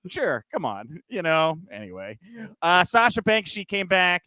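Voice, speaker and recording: A man's voice: high-pitched, sing-song, measured pace, pushed and bright, smooth, no room sound, low-quality recording. A man hosting a podcast, running through news in a loose, chatty way with frequent fillers and jokey asides. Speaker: podcast host. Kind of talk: casual news chat.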